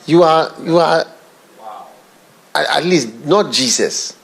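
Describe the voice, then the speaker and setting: A man preaching a sermon as a bishop, dropping to low murmurs and whispers and then rising into excited, lively preaching. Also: slow pace, vocal fry, breathy edge.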